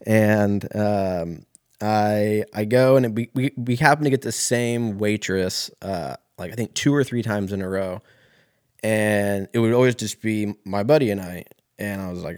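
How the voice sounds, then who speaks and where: A man's voice: lowish voice, normal speed, darkish tone, no room sound, clean studio sound. A young man telling a rambling, profane story in a casual monologue, full of fillers and restarts.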